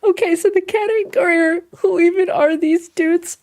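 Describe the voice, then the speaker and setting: A woman's voice: very high voice, steady tone, normal speed, darkish tone. A woman co-hosting a casual chat, giggly and laughing through her words, acting out silly quoted voices. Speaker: podcast co-host.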